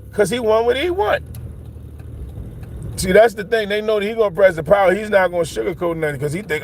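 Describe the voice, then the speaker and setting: A man's voice: sits high, creaky. A middle-aged man from Philadelphia rambling in a casual livestream monologue while walking home outdoors, talking into a phone and often asking if his listeners follow him. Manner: rambling, emphatic, keeps asking "you know what I'm saying". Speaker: livestream host. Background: faint traffic.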